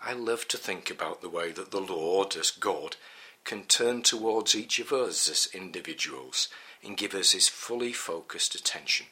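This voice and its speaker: A middle-aged man reading a Bible teaching in a measured, earnest way. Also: sits low, bright, forceful tone. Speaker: preacher.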